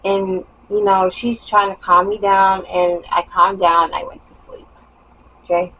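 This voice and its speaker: Young woman vlogger, storytime monologue, emphatic and animated, faint hum behind. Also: mid-range voice, unhurried, highs cut off. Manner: animated, emphatic retelling with rising bursts.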